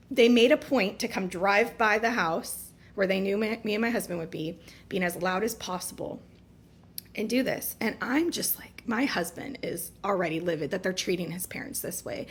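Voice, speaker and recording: A woman's voice: medium pitch, normal speed, a little hiss or hum. A married woman telling a story about her family in an exasperated, venting way. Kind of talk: casual storytime.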